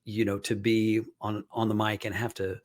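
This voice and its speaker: A man's voice: fairly low pitch, flat delivery, moderate pace. A man guesting on a podcast as a business coach, talking reflectively in casual chat.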